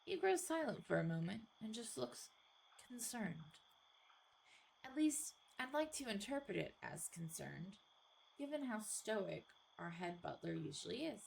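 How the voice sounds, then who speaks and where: A woman streamer reading a horror game aloud in first person, with casual, expressive asides and the occasional swear. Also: mid-range voice, a little slow, gravelly, a little hiss or hum, poor audio.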